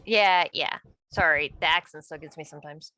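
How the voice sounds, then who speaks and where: A woman's voice: deep voice, normal speed, bright, forceful tone, low-quality recording. A woman playing in a tabletop game, chatting and thinking aloud about her plans. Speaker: player. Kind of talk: casual chat at a tabletop game.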